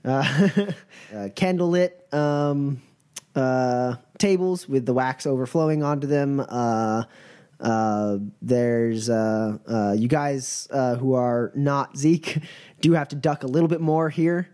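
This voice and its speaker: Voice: mid-range voice, takes it slowly, dark tone. A game master narrating a tabletop game, hesitant and full of fillers.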